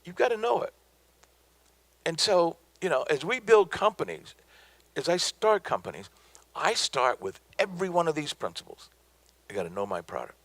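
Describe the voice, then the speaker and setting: A man's voice: fairly high pitch, very animated, moderate pace, pauses often, a bit bright, no echo. A middle-aged man from the American South giving a motivational business talk, emphatic and preacherly, repeating his points for effect. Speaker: business speaker.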